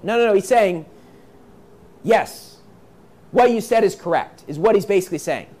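A man's voice: high voice, expressive, normal speed. A man preaching a sermon, reading scripture aloud and explaining it in plain, emphatic talk, repeating his points. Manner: emphatic, repeats points, acts out quoted voices.

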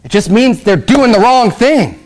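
A man's voice: very high-pitched, animated, measured pace. A man preaching a sermon as pastor, reading scripture aloud and explaining it in casual asides, pushing up to emphatic peaks with rhetorical questions.

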